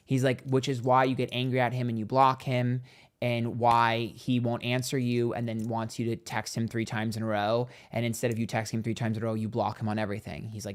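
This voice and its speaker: A man's voice: mid-range voice, fairly even intonation, brisk. A man hosting a live stream, telling a gossipy story in casual chat, acting out what others said and thanking viewers for donations. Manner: chatty and gossipy, acts out quotes, reads donations aloud. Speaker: psychic tarot livestream host.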